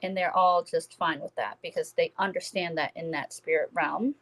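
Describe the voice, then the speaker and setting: A woman working as a psychic medium, giving a live-stream spirit reading and speaking gently and reassuringly to viewers by name. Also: lowish voice, fairly even intonation, normal speed, rough recording.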